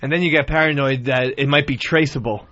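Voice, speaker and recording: A man's voice: mid-range voice, steady tone, a little fast, fairly bright tone. A man on a radio talk show, confessing stories in a sheepish, giggly, profane way. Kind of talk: casual confessional chat. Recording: lo-fi radio broadcast recording.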